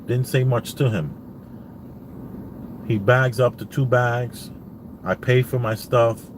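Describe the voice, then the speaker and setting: A man's voice: mid-range voice, fairly even intonation, slow, noisy background. A man recording a casual vlog from his parked car, telling a long rambling story and replaying conversations with frequent "I says" asides. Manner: rambling, retells dialogue with many "I says" asides. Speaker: vlogger.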